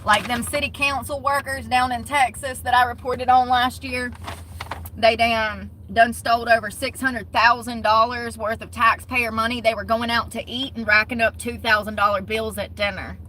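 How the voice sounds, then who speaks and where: Blunt, bright-voiced woman vlogger. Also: fairly high pitch, fairly even intonation, normal speed, a little hiss or hum, rough recording. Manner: blunt, profane, mocking. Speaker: commentary vlogger. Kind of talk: casual commentary.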